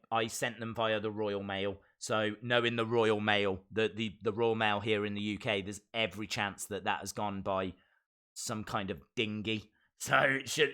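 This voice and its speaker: A man's voice: fairly low pitch, bright, forceful tone. A British man hosting a live stream, chatting casually, laughing and reading out viewer comments.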